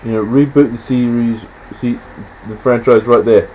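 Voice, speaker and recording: A man in casual film chat, rambling and halting, often stopping to restart, acting out scenes in quick quoted voices. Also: mid-range voice, fairly even intonation, mellow, a little hiss or hum, poor audio. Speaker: podcast host.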